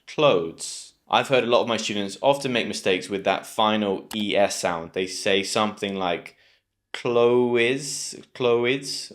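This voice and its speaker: A British man with a British English accent, teaching English pronunciation to camera and slowly repeating words clearly. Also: fairly low pitch, a bit bright. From Britain.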